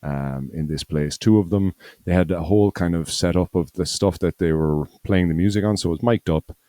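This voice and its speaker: Very deep, mellow man rambling. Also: a little fast, dry recording. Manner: rambling, full of fillers and restarts. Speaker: podcast co-host. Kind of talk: casual chat.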